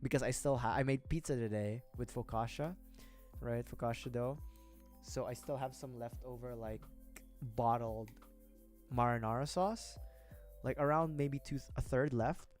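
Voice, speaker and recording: A man's voice: mid-range voice, normal speed, a little mellow, faint music behind. A young man livestreaming as he builds a model kit, chatting loosely with viewers in a rambling, self-deprecating way, cursing casually and laughing often.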